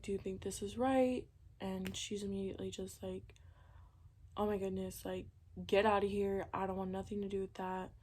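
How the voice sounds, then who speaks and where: A young woman casually telling a personal story, chatty and candid, filling her talk with "like" and acting out what people said. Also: mid-range voice. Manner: candid, chatty, many "like"s, acts out quoted dialogue. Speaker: vlogger.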